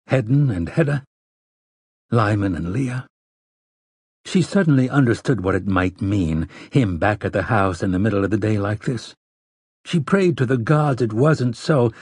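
A husky male audiobook narrator with a mid-range voice tells the story in a measured, even manner. The recording is studio quality with no echo.

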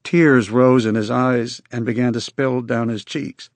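Slow, dry-voiced male narrator. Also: medium pitch, dry recording. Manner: even, unhurried storytelling. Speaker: audiobook narrator. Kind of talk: scripted first-person narration.

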